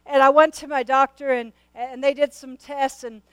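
A woman's voice: sits high, fairly even intonation, moderate pace, dry recording, rough recording. A middle-aged woman pastor preaching a sermon and telling a personal story to her congregation. She talks in an earnest, conversational way and often repeats and restarts her words. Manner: speaks to the congregation directly.

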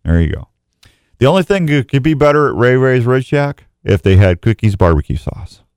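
Folksy, excitable outdoorsy male host. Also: medium pitch, normal speed, clean tone, dry recording. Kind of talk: casual live chat.

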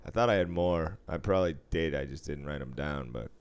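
A man co-hosting a podcast, relaxed and joking in casual chat, quick to laugh. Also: extremely low pitch, smooth. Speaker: podcast co-host.

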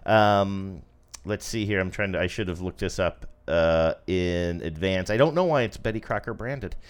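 A man's voice: sits low, moderate pace, clear, resonant tone. A man hosting a casual podcast, joking around and quizzing his co-host. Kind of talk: casual chat.

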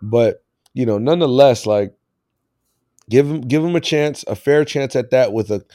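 A man's voice: mid-range voice, normal speed, mellow, no echo, clean studio sound. Laid-back man hosting a sports podcast. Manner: loose, rambling, laughs often. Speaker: podcast host. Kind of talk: casual sports podcast chat.

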